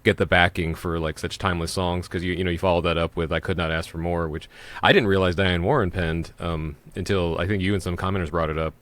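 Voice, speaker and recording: A man with a very low voice hosts a relaxed conversation, talking loosely and often trailing into fillers. The sound is dry and close, with no room echo. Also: fast. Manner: loose, chatty, frequent fillers and laughs. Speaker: podcast host. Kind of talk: casual interview chat.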